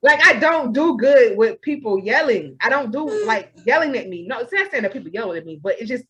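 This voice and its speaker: A young woman, co-hosting a podcast in casual chat, animated and acting out her own inner voice. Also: fairly high pitch, fairly quick, lo-fi sound. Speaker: podcast co-host.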